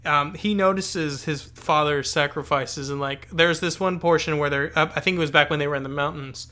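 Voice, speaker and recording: A man's voice: on the high side, fairly even intonation, normal speed, sharp tone. A man co-hosting a podcast, talking through a novel in a casual, thoughtful way that rambles and restarts often. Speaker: podcast co-host. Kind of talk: casual book discussion.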